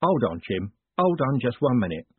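Brief: man as a burly wary coachman, rough working-class speech, husky tinny sound. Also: medium pitch, very animated, normal speed, no echo. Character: big, wary male coachman brother. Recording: phone-like dry audiobook sound.

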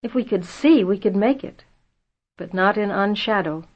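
Woman doing a worn out guy on a sled trek, hushed and gaspy, kinda dull lo-fi audio. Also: medium pitch, lively intonation, normal speed, close to an everyday voice. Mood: calm. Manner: gasping, hushed. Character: weary male sled companion, steady and calm.

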